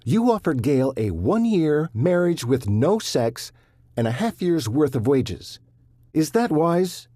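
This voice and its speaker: A man voicing a quick-witted young ranch son who presses hard with blunt questions. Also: fairly high pitch, big pitch swings, dark tone, no echo, studio quality, pitched above the performer's own voice. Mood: exasperated.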